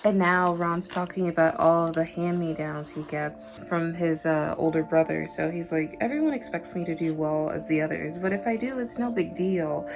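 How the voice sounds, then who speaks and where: A woman's voice: fairly low pitch, normal speed, few pauses. Giggly young woman reading aloud. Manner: chatty, giggly, emotional asides. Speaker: vlogger reading a book aloud. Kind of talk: casual read-aloud with commentary.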